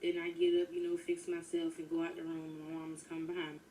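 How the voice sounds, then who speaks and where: A woman's voice: fairly low pitch, monotone, fast, dark tone. A woman narrates a personal story in a chatty, casual storytime way, talking straight to her listeners. She sounds a little far from the mic, with a faint hiss behind her. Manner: chatty, addresses listeners as y'all. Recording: distant mic with faint noise.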